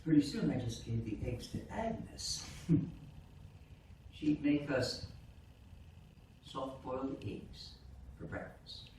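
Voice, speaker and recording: An actor on stage playing an aging war veteran grandfather who tells his story haltingly, stumbling and repeating words. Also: mid-range voice, expressive, a little mellow. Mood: reminiscing. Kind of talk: live stage monologue. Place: small theater stage. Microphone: far room camera. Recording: echoey theater from far off, faint hiss.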